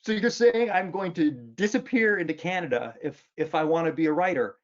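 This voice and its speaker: An earnest, hopeful college-age man played by a grown man talks eagerly and pleadingly. His voice is pitched up high. The recording sounds dull and lo-fi. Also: brisk, natural voice.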